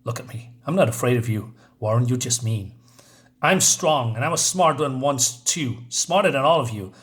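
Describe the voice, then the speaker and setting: A man's voice: mid-range voice, lively intonation, normal speed, a bit bright, voice pushed down, close to an everyday voice. A man reading out the lines of a simple-minded, childlike strongman in a plain, earnest way, close to his own voice.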